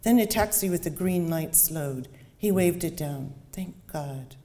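Low, mellow-voiced woman author in a hall. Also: measured pace. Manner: chatty, with fillers and restarts when talking. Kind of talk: reading aloud then talking about her book. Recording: long hall reverb.

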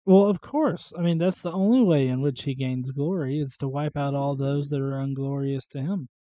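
A man co-hosting a casual podcast, asking questions and making crude jokes, sometimes bursting out loudly. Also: mid-range voice, normal speed, dry recording. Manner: jokey, crude, questioning, gets loud and animated. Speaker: podcast co-host. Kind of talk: casual irreverent chat.

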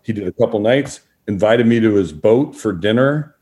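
A middle-aged man with a fairly low voice tells long, relaxed stories as a guest on a talk show. He slips into quoted voices of the people in his anecdotes. His pacing is easygoing and conversational. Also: normal speed. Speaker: guest, former sports broadcaster. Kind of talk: storytelling in a podcast interview.

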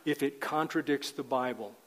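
A man's voice: mid-range voice, normal speed, long reverb tail, rough recording. An older man teaching a men's group in a sermon style, earnest and emphatic, often repeating words.

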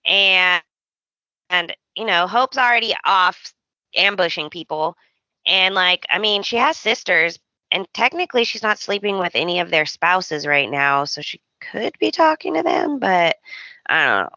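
Woman co-host, casual chat, sarcastic, bright tone, dry lo-fi recording. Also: lowish voice, animated, a little slow, no echo. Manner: sarcastic, playful, quotes characters. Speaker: podcast co-host. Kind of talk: casual chat recapping a soap opera. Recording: dry, dull lo-fi audio.

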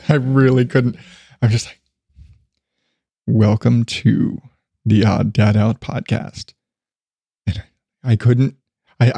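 A man's voice: a little high, no echo, clean studio sound. A middle-aged man hosting his own podcast, rambling casually and laughing at himself, with frequent swearing. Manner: self-deprecating, swears freely, laughs often. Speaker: podcast host.

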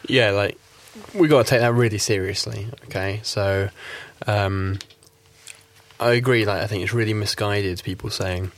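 A man's voice: lowish voice, steady tone, moderate pace. An English man from South Yorkshire with a nondescript accent, giving his views as a guest in a radio studio discussion, rambling with lots of fillers. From South Yorkshire, England. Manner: rambling, heavy fillers like "you know" and "like". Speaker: guest commentator.

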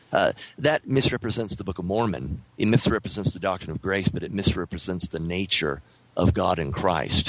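A man talking through ideas in a casual podcast conversation, measured and thoughtful, with many fillers and restarts. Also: low voice, fairly bright tone, low-quality recording. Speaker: author guest on a podcast.

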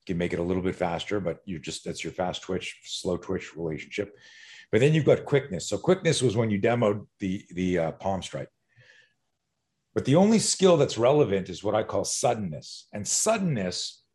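Profane middle-aged self-defense instructor. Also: male voice, deep voice. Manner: animated, profane, acts out scenarios. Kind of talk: podcast guest interview.

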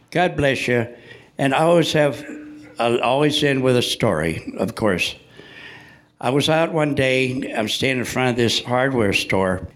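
An older man, a Navy veteran, telling jokey stories live to an audience in a church hall. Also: medium pitch. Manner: jokey, punchline-driven, chatty with the audience. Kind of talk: joking live storytelling.

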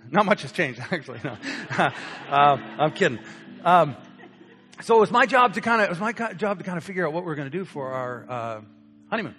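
A young man preaching, telling a personal story with lively acted-out voices. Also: fairly high pitch, fairly quick, slight background noise. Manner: animated storyteller acting out quoted voices. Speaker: pastor. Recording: long hall reverb with soft guitar.

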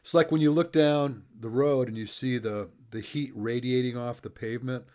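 A man's voice: medium pitch, fairly even intonation, normal speed, darkish tone. A middle-aged man interviewing a guest, chatty and fond of telling stories while laughing along. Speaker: interviewer and coach. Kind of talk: casual interview chat.

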